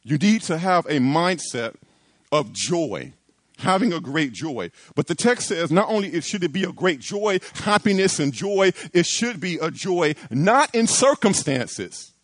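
A man's voice: fairly high pitch, unhurried, dry recording. A man preaching a sermon to his church, building emphasis with repeated phrases and rising lines. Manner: animated preaching with repetitions and emphatic rises. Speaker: pastor.

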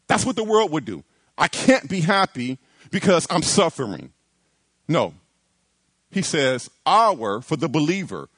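Recorded with no room sound, this pastor's slightly high male voice drives an animated sermon to his church. Repeated phrases and lines that climb upward give his preaching its emphasis.

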